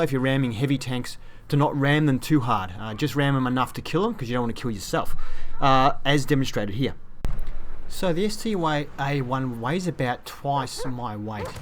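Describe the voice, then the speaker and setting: A man's voice: medium pitch, slight background noise. A man reviewing a video game, chatty and self-deprecating, with casual fillers. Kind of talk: gameplay commentary.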